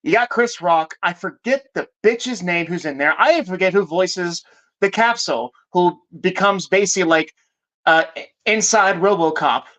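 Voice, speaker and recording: A man's voice: sits high, normal speed, a bit bright. A man ranting casually about movies on a live stream, profane and rambling, often breaking off and correcting himself. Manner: profane, rambling, self-interrupting.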